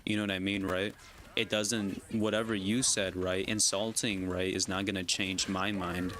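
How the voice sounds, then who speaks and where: Low-voiced man ranting while gaming. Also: level tone, normal speed, a bit bright, slight background noise. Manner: argumentative, constantly asks "right?" and "you know?". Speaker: gaming streamer. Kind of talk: casual rant while gaming.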